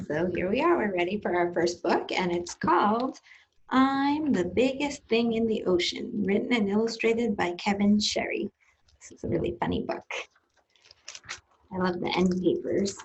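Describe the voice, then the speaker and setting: A woman's voice: mid-range voice, normal speed. Playful librarian woman reading to preschoolers. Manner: playful, animated, sing-song with kids. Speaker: children's librarian. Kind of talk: preschool storytime.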